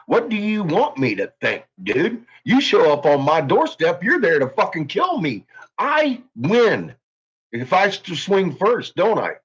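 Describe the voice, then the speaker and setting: A man's voice: high-pitched, huge pitch swings, a little slow, breathy edge. Angry profane man ranting, lo-fi. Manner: profane, heated, swaggering threats. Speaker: YouTuber.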